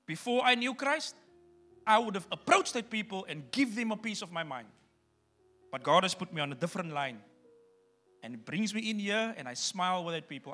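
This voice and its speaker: A man's voice: fairly high pitch, sharp tone. A man preaching a sermon as pastor, emphatic and speaking straight to his congregation.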